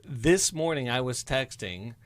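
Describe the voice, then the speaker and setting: An enthusiastic male host chats casually in a radio studio, his voice of ordinary middle pitch. He keeps the talk bright and playful. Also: expressive, a little slow, dry recording.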